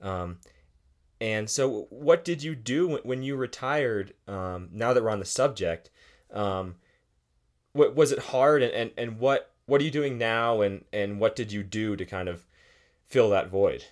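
A man's voice: fairly low pitch, lively intonation, unhurried. A man interviewing a guest, asking questions hesitantly and repeating words as he forms them.

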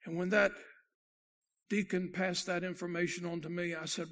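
A pastor giving a sermon with a gravelly, rough-edged voice that sits high for a man. He tells his story dramatically, rising loud, then dropping to a near hush. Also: level tone, moderate pace.

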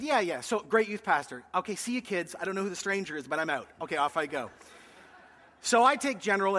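A man with a high, bright voice preaches to his congregation, spinning a personal story with animated, playful delivery. His words ring out through the long reverb of a large hall. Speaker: pastor. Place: church hall with a live congregation.

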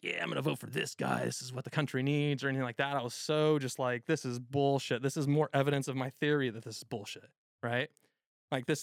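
A man in his thirties tells a rambling story, swearing freely and piling on fillers. His voice is gravelly, at an ordinary pitch. The sound is dry and close, with no room around it. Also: no room sound. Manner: rambling, profane, animated, many fillers. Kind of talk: casual storytelling on a talk show.

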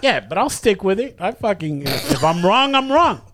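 A man hosting a podcast, telling stories in an animated way and swearing a lot. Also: high voice, normal speed, a crowd in the background. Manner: profane, animated storytelling. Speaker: podcast host. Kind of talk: casual podcast chat.

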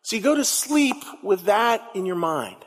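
Guy pastor giving a sermon, kinda high voice, lots of hall echo, gets animated and repeats stuff. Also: moderate pace. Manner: animated storytelling, repeats words for emphasis.

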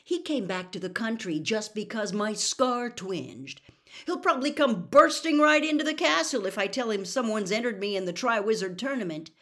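Woman reader doing an indignant schoolboy, loud and bitter, lively pitch, audiobook. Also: normal speed, close to an everyday voice. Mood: dismissive. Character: frustrated, bitter teenage boy. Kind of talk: audiobook character reading.

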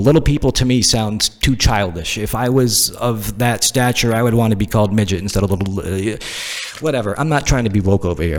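A man from the Northeast US delivering a profane comedic rant, firing off exasperated rhetorical questions. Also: lowish voice.

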